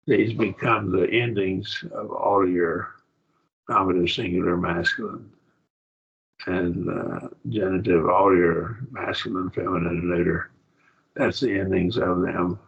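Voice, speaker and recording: A man teaching a Greek grammar class, explaining words slowly and checking in with his students. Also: sits low, creaky. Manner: slow, explanatory, repeats words and checks with "okay?" and "see?". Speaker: Bible college Greek teacher. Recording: dull lo-fi classroom recording.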